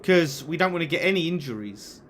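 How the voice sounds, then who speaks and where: A young man talks through a live match watchalong in a bright, forceful voice that sits a little high. He chats casually, swears freely and reacts out loud to every attack and corner. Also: lively intonation, fairly quick, slight background noise. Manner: chatty, swears, reacts loudly to the game and reads super chats. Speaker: fan channel watchalong host.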